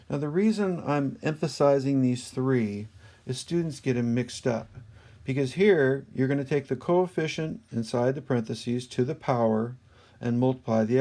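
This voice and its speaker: A man's voice: mid-range voice, creaky, mellow. A man teaching a math lesson in a screen-recorded voice-over, patiently explaining each step.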